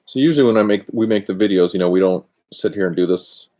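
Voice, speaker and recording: A deep, mellow-toned man rambles through a casual craft live stream. He talks loosely and good-naturedly, poking fun at himself. His voice comes through a built-in laptop microphone in a chilly garage. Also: fast. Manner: rambling, chatty, self-deprecating. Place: cold home garage. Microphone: built-in computer microphone.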